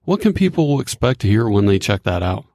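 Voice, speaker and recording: A man's voice: on the low side, very animated, a little fast, darkish tone, dry recording, studio quality. A man hosting a podcast, asking his guest questions in a joking, upbeat way. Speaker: podcast host. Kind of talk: casual interview.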